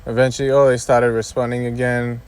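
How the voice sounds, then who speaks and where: A man's voice: medium pitch, completely flat delivery, a little fast, darkish tone, clear, resonant tone. Young guy venting to his viewers, keeps repeating himself, swears a lot, kinda fed up. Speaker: YouTuber. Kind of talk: casual rant to camera.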